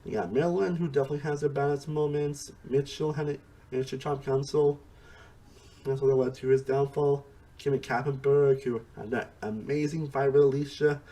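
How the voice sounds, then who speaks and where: Warm in tone and medium in pitch, this man's voice stays fairly even while he talks briskly through a casual TV series review. He rambles, restarts sentences mid-thought, and often falls back on "honestly" and "again."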